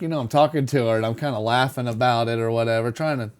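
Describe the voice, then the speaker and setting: A middle-aged man telling a story in casual chat, animated, laughing and acting out quotes. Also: medium pitch, fast, smooth. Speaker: podcast co-host telling a story.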